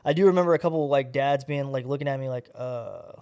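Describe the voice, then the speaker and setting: A man's voice: mid-range voice, rapid-fire, mellow, smooth, no echo, clean studio sound. Laid-back young man swearing casually. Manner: laid-back, profane, says "dude" often. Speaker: podcast co-host. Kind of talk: casual chat.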